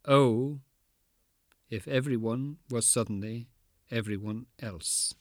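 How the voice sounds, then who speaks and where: A man giving a poetry reading in a rhythmic, incantatory way, pausing for effect. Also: medium pitch, no echo, clean studio sound. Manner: rhythmic, incantatory delivery with dramatic pauses. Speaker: poet.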